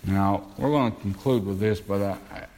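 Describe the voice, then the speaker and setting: Low-voiced man preaching a sermon. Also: moderate pace, a little mellow. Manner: earnest preaching, rising to emphatic quotes. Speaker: pastor.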